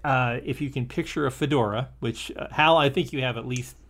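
A man's voice: medium pitch, brisk, a bit bright. A man co-hosting a casual discussion, rambling with many restarts and laughing easily. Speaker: podcast co-host. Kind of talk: casual discussion of an old TV episode.

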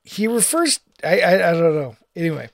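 A man's voice: high-pitched, very animated, moderate pace, vocal fry, dry recording, studio quality. A man co-hosting a podcast, chatting casually about a film and rambling a bit as he talks. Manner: rambling, self-interrupting, laughs often. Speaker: podcast co-host.

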